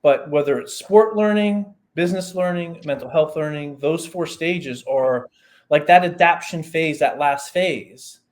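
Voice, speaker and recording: A man, a performance coach guest on a podcast who explains ideas through lively stories and examples. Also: fairly high pitch, unhurried. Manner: animated storyteller, explains with examples and asides. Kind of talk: casual podcast conversation.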